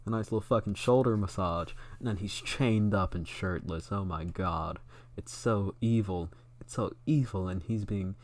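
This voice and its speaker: A young man talks into a close studio microphone, riffing in casual stream commentary. His voice sits a bit low, and his delivery is sarcastic and mocking, peppered with swearing. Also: darkish tone. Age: young adult. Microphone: close studio mic.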